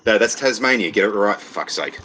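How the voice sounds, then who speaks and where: A man's voice: lowish voice, expressive, brisk, background noise. A man, trading blunt, sweary banter on a casual online call. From Australia.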